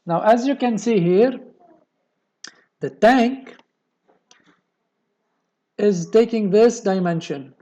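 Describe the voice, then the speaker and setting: A man with a high-sitting but dark-toned voice presents an engineering tutorial, walking through a technical drawing step by step in a screen recording. He explains slowly and says "okay" a lot. The recording quality is low.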